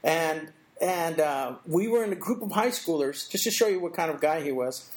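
Recounting something personal in an interview, a middle-aged male guest speaks with a voice on the high side and lively intonation. He's thoughtful, restarts haltingly, and acts out small quotations.

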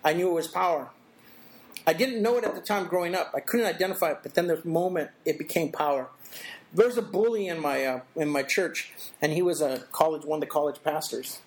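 A middle-aged man, an interview guest, telling a personal story in a thoughtful way, with halting restarts and little acted-out quotes. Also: a little high.

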